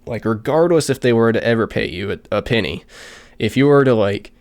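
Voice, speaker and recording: A man's voice: mid-range voice, a little fast, darkish tone. A man hosting a casual solo podcast, tired and out of breath, rambling with many fillers and restarts. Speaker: podcast host.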